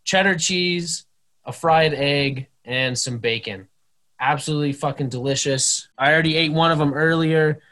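A man's voice: on the high side, normal speed, fairly bright tone. A young man co-hosting a casual podcast, joking and swearing freely as he leads the chat. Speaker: podcast co-host.

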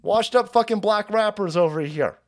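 A man's voice: high-pitched, normal speed. A man hosting a stream, ranting profanely and mockingly as he reacts to clips. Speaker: stream host.

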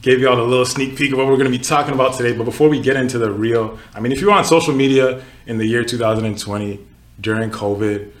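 A Nigerian-born man in his twenties hosts a casual podcast chat, telling stories in a relaxed way with lots of filler words. He speaks fast in a mid-range voice, and the room is echoey.

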